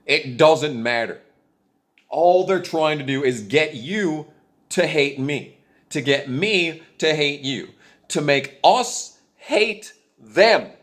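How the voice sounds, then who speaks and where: A man's voice: on the high side, slow, a bit bright. A young man in an angry, profane political rant to his viewers, bitter and heated, repeating his points. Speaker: video creator ranting to camera.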